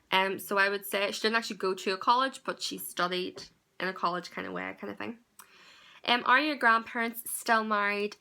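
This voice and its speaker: This young woman from Northern Ireland talks in a mid-range, bright voice with a forceful tone. She's doing a casual Q&A vlog, rambling and laughing between plenty of ums.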